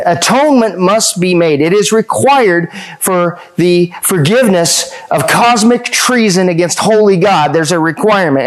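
A man with a fairly high voice delivers a sermon. He drives each point home with rhetorical questions and repeated phrases, rising in pitch as he presses them. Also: rough recording. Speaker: pastor.

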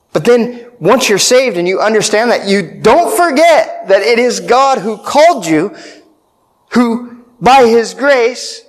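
A pastor preaching a sermon, emphatic, repeating key phrases and checking in with "right?". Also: male voice, sits high.

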